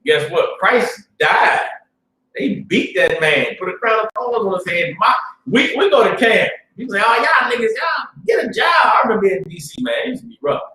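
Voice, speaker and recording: Man, informal preacher, streetwise, muttering then loud bursts, fairly high voice, echoey room, distant mic. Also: expressive, moderate pace, a little hiss or hum. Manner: streetwise, repeats "you understand?", swings from low mutter to loud bursts. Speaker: religious class teacher. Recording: roomy sound, speaker away from the mic.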